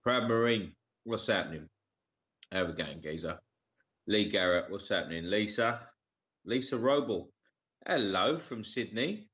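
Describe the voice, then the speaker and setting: A man's voice: lowish voice, lively intonation, a little slow, long pauses, a bit bright. A man hosting a casual live stream. He swears a lot and greets viewers by name with slang like geezer and bruv. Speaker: livestream co-host. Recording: dull lo-fi live-stream audio.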